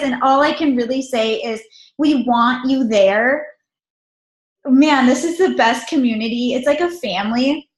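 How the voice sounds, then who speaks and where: A woman's voice: sits high, roomy sound. A woman hosting a team call, talking in an enthusiastic, motivational way. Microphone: call audio.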